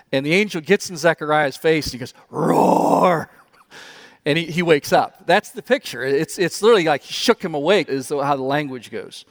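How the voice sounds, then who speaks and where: Older guy preaching, kinda high voice, storytelling, chuckles a lot. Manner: animated storytelling, chuckles often. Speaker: pastor. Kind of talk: sermon.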